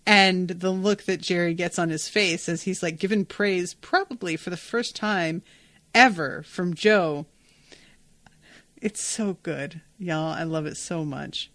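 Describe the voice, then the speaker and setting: A woman's voice: lowish voice, a little slow, fairly bright tone, dry recording. A woman hosting a podcast and recapping a TV episode in a casual, gushing way, and she swears freely. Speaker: podcast host.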